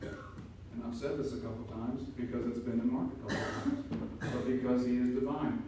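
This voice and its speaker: A man preaching an emphatic sermon as pastor, building to loud peaks. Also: mid-range voice, steady tone, normal speed, noisy background. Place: church sanctuary. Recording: echoey room from far off.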